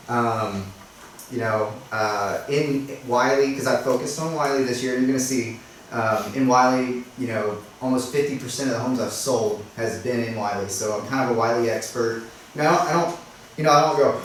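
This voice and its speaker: A man's voice: medium pitch, normal speed. A man speaking casually to a small workshop group, chatty and self-deprecating, acting out doorstep conversations and often asking "right?". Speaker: realtor sharing tips at a workshop. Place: meeting room at a workshop. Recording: echoey room, speaker far from the mic, faint noise.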